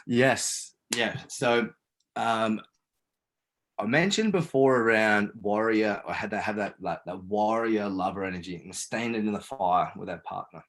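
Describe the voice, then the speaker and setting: A man's voice: on the low side, measured pace, fairly bright tone, rough recording. A man guest speaking in an interview, an earnest coach who swears casually as he guides and explains. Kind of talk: guiding a breathing exercise and talking in an interview.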